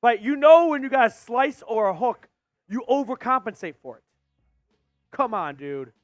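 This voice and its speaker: Excitable high-voiced fan play-by-play man. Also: moderate pace, dry recording, soft background music. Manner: excitable, shouts on big plays, reads super chats. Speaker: live stream host.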